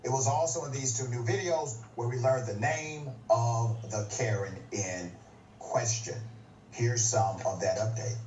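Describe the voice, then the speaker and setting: A man in the middle pitch range delivers emphatic commentary and poses pointed questions. He sounds set back from the mic in a roomy space. The clip's sound is dull, with faint noise underneath. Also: a little slow, darkish tone. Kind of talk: scripted commentary. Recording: roomy, distant, dull clip.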